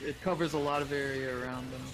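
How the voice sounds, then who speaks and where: A man commentating a fighting-game tournament live, relaxed play-by-play with short excited calls. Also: medium pitch, fast, rough recording. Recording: commentary over game music.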